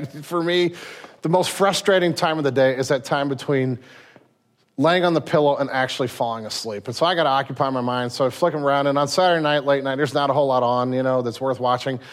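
A man preaching a sermon in a church, telling stories animatedly with frequent restarts. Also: mid-range voice. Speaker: pastor.

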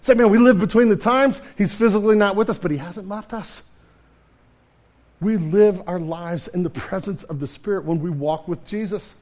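Male pastor, high voice, animated sermon delivery with restarts and asides. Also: normal speed.

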